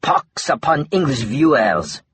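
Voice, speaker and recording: A man's voice: fairly high pitch, expressive, measured pace, a bit bright, slightly rough, dry recording, exaggerated voice. A man voicing a hot-tempered male Quebecois maple farmer with a thick Quebecois accent, ranting crudely. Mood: defiant. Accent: Quebecois French.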